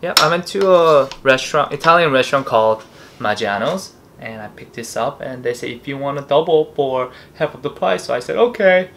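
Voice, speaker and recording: A man's voice: mid-range voice, expressive, brisk, a bit bright, slight background noise. A man hosting an eating show, chatting casually and rambling a little between bites at a table. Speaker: mukbang host.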